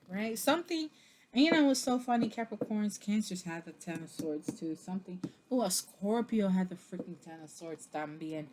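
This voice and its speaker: Rich: A woman in a medium voice talks through a card reading in a loose, chatty way and leans on fillers as she goes. She is expressive and quick to laugh, and she swears when something catches her off guard. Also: medium pitch, background noise. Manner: loose, meandering delivery with many fillers. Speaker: tarot reader. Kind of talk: casual tarot reading to camera.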